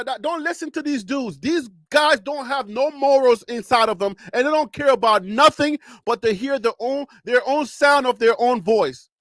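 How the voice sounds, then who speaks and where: Male sports stream host, very high voice, dry close sound, preachy and emphatic. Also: a bit bright, dry recording. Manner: emphatic, lecturing advice. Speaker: sports talk show host. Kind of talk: live-stream commentary.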